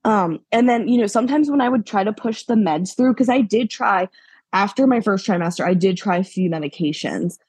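Young woman guest from Pennsylvania, husky voice, chatty storyteller who laughs a lot, dry close sound. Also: medium pitch, expressive, a little fast, a little mellow, no echo. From Pennsylvania, USA. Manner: chatty, laughs often, acts out past conversations. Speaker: podcast guest. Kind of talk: casual storytelling interview.

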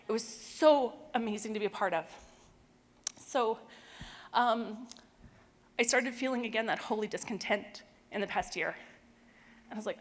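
A middle-aged woman giving a personal faith testimony, emotional and laughing now and then as she talks. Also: fairly high pitch. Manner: emotional, tearful at moments, laughs often. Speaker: church speaker sharing testimony. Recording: long hall reverb.

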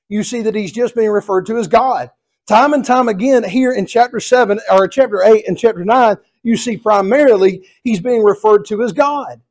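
A man's voice: high-pitched, a little mellow. A male pastor with a Southern US accent, preaching an expository sermon in an earnest, repetitive cadence.

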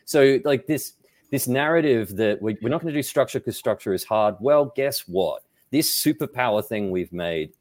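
A man talking about data as a podcast guest, energetic and quick to act out his own reactions, often restarting his sentences. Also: on the low side, no echo. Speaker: data management guest speaker. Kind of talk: animated podcast conversation.

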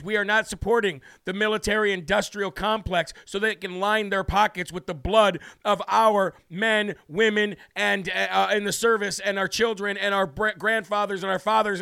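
Brash, bright-voiced male talk host. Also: sits high, vocal fry, clear, resonant tone, no echo, clean studio sound. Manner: brash, emphatic, repetitive. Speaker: political talk show host. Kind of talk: live political commentary and viewer shout-outs. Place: New Hampshire studio.

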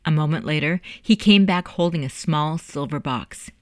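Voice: mid-range voice, dry recording. Dry-voiced audiobook narrator. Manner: measured, storytelling. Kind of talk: scripted narration.

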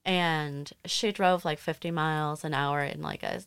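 Low-voiced young woman, dry close sound. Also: measured pace, smooth, dry recording. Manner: relaxed, candid, swears freely. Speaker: podcast co-host. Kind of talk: casual chat.

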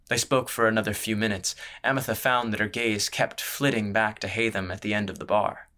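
A man narrates a fantasy audiobook with a steady, descriptive delivery. His voice sits a little low and carries a bright, forceful edge. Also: fairly quick, hardly any pauses. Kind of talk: scripted narration.

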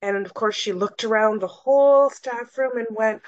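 A woman's voice: a little high, moderate pace, few pauses, no room sound. Earnest woman telling a personal story. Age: middle-aged. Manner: earnest, re-enacts conversations in her own voice. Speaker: guest, salon owner. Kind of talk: personal storytelling in a podcast interview. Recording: dull, dry lo-fi recording.

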